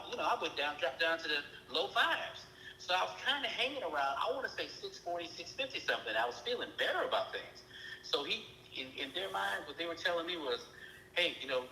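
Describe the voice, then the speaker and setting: A man casually telling a long personal story on a call, animated and jumping high in pitch when voicing his own frustration. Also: roomy sound, a little hiss or hum, low-quality recording. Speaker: caller telling his experience.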